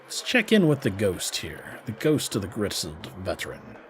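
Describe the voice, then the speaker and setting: A man's voice: low voice, huge pitch swings, moderate pace, a little hiss or hum. A man streaming a role-playing game, reading its text aloud and chatting wryly. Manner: wry, casual, reads game text aloud. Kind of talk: let's play narration with character voices.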